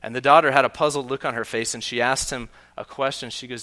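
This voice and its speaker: A man preaching a sermon earnestly, often letting his voice drop soft and low on key points. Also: steady tone, quick pace. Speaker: pastor.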